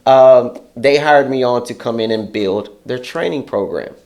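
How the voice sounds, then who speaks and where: A male interview guest with a mid-range, darkish voice keeps a measured pace while recounting a story full of casual swearing. Quoted dialogue gets a raised, heated delivery, keeping the storytelling animated.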